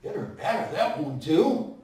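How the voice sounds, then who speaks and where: A man voicing an eager, cheerful young boy who loves to bake, talking brightly and loudly in a told story. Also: fairly high pitch, very animated, measured pace, heavy reverb, recorded from a distance, pitched below the performer's own voice.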